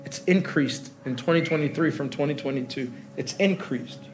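A man's voice: medium pitch, moderate pace, faint music behind. A middle-aged man preaching live as pastor in a large church hall, joking with the congregation and laughing. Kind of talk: sermon.

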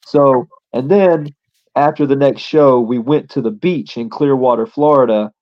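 A man's voice: medium pitch, a little slow, dull audio. A man, a pro wrestler appearing as a guest, telling a casual story in a rambling way with lots of fillers.

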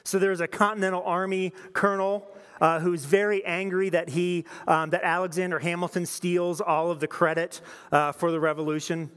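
Male pastor, fairly high voice, chatty storytelling sermon, long hall reverb. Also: level tone, moderate pace, hardly any pauses, a bit bright, clear, resonant tone. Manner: conversational storytelling preaching.

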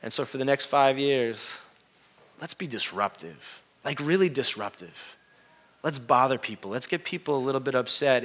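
Preaching passionately, a middle-aged pastor with a mid-range voice swings between quiet moments and loud exclamations.

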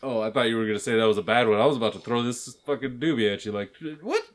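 A man's voice: mid-range voice, racing. Laughing, profane man in a casual chat. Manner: profane, laughing, animated mock voices. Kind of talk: casual chat among friends.

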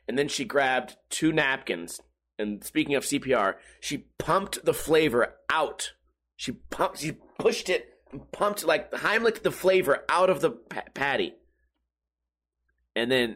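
A man's voice: mid-range voice, a bit bright. Profane joking man hosting a podcast. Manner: profane, joking, exaggerated storytelling with mock voices. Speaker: podcast host. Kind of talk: casual comedic podcast rant. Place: home room.

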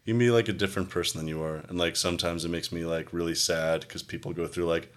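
A man's voice: low-pitched, fairly even intonation, fast talker, smooth. A young man co-hosting a podcast in casual chat, rambling with lots of filler words and cheerful swearing. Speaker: podcast co-host.

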